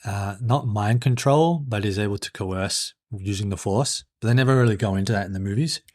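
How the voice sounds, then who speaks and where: A man's voice: fairly low pitch, a little fast, darkish tone. A man co-hosting a podcast in casual chat, eagerly explaining movie lore at length. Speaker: podcast co-host.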